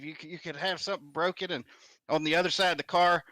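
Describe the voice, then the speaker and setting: A man hosting a casual chat, telling a story in a relaxed, chatty way. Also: a little high, fast talker, no room sound.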